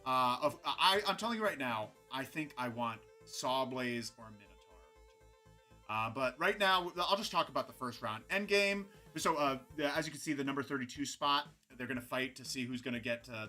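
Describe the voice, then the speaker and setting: Animated, bright-voiced young man rambling. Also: mid-range voice. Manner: rambling, animated, chatty with frequent restarts. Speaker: host of a robot combat recap show. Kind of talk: casual livestream commentary.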